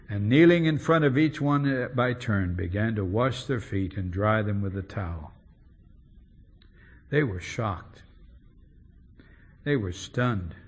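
Brief: male preacher, husky and unhurried, emphatic, asks rhetorical questions. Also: mid-range voice. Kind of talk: expository sermon.

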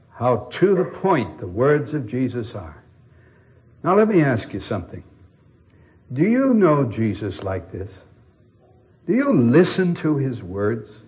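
A man preaching a sermon to his congregation in an earnest, expressive way, asking the listeners pointed questions. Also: mid-range voice. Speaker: pastor.

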